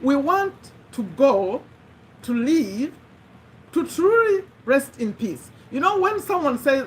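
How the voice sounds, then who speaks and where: A woman's voice: high voice, sing-song, slow, a little hiss or hum, low-quality recording. A woman giving an earnest, conversational motivational talk, repeating her key phrases for emphasis. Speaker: motivational speaker.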